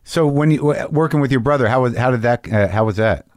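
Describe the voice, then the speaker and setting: A man's voice: mid-range voice, fast talker, a little mellow, no room sound, clean studio sound. A man interviewing a guest in casual talk, blunt and joking, with some swearing.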